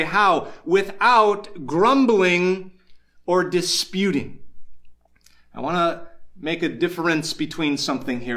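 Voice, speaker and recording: High-voiced male pastor preaching. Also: bright, forceful tone. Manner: earnest preaching with emphatic slowed phrases. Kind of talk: sermon.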